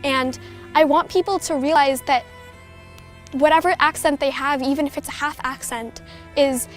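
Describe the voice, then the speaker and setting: Teen girl poet, high voice, soft earnest delivery, music bed underneath. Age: teens. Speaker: youth poet. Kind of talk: spoken word poetry and reflective interview.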